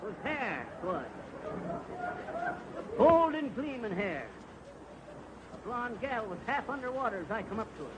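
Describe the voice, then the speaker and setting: A boastful rambling yarn-spinner, 1930s radio comedy, high voice, noisy old broadcast. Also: male voice, very animated, normal speed, pauses often. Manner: folksy, bragging, rambling. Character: boastful tall-tale-telling middle-aged man. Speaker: comic storyteller.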